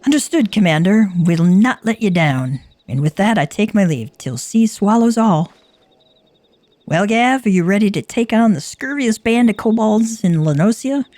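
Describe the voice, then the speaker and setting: A woman voicing a brisk, dutiful young naval lieutenant in a video game, formal and self-assured. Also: mid-range voice, animated, a little mellow, no room sound, pitched above the performer's own voice, natural voice.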